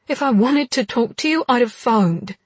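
A woman voicing a fiery young woman in an audiobook, snapping out sharp, indignant outbursts in a husky voice. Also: medium pitch, moderate pace, no echo. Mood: angry.

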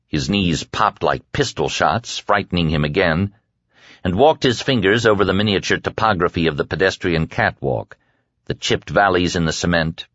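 Deep-voiced man reading a suspenseful story. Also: a bit bright, dry recording. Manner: measured, suspenseful reading that slows and drops low at tense moments. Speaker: audiobook narrator. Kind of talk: scripted narration of a horror novel. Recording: dry, slightly dull lo-fi recording.

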